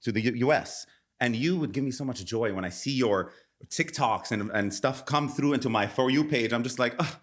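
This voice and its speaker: Brief: male host from Lebanon, playful and teasing, quick bursts of chat. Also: mid-range voice. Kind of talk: casual talk-show chat.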